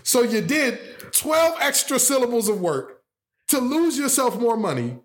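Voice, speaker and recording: A man hosting a sports talk show, giving opinionated commentary with animated rhetorical questions and sarcastic jokes. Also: extremely high pitch, unhurried.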